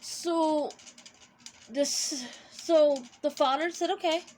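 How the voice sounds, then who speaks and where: A woman's voice: fairly high pitch, lively intonation, unhurried, slight background noise. A young woman telling a personal story in a casual, rambling way, with many restarts and fillers. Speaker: vlogger.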